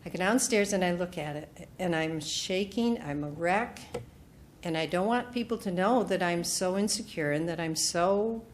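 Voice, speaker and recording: Woman telling a lively personal story. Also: fairly low pitch, normal speed, a little hiss or hum. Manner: animated storytelling, acting out quoted voices. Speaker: retreat speaker. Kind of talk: personal testimony talk. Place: retreat meeting room.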